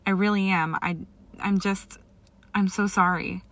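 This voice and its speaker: A woman's voice: lowish voice, steady tone, gravelly, a bit bright. Hermione: a woman reading as an anxious, pleading young witch. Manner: pleading, halting.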